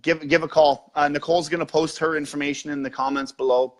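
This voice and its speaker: A man's voice: a little high, steady tone, quick pace. A man hosting a podcast interview, supportive and responding with brief affirmations. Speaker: podcast host.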